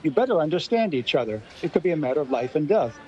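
A man with a fairly high voice argues his case quickly and emphatically. He is a guest in a radio discussion. His voice comes through a dull, lo-fi remote line. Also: sing-song, a little mellow. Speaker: linguist guest.

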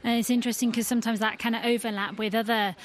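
A woman's voice: a little high, level tone, quick pace. A woman hosting a radio discussion, prompting and inviting her guests to speak. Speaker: radio host.

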